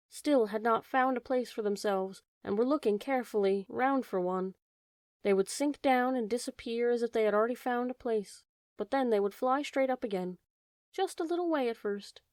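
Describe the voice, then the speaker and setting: A woman narrating a classic animal fairy tale as an audiobook, reading in a slow, measured way. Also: fairly high pitch, darkish tone, no echo, clean studio sound. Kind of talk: scripted storybook narration.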